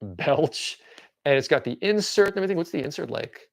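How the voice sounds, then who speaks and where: Man, forties, livestream host, casual show-and-tell, lively, a little high, rambling, stammering, excitable. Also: racing, creaky. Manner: rambling, with stammering restarts and tangents; excitable and enthusiastic.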